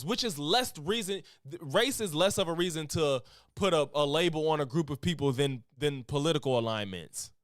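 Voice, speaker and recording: Animated, high-voiced man arguing back at a clip. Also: moderate pace, dry recording, studio quality. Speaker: streamer reacting to a clip. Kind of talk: reaction commentary.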